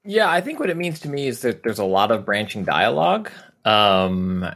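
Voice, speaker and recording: A man's voice: on the low side, sing-song, moderate pace, creaky, a bit bright. A man co-hosting a gaming podcast, chatting casually in a playful, joking way. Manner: playful, joking, frequent "um" fillers. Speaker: podcast co-host. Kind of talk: casual chat.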